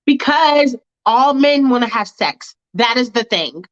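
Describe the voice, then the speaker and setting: A woman's voice: fairly high pitch, expressive, a little slow, lo-fi sound. A woman voicing a bold, mouthy sixteen-year-old girl who talks back with sass. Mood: mocking. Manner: sassy, mocking, brash.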